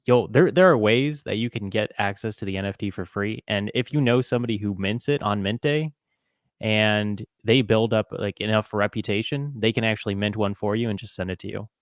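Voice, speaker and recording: A man's voice: fairly low pitch, brisk, dry recording, studio quality. A man co-hosting a casual podcast roundtable, explaining things in an easygoing way. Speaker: podcast co-host.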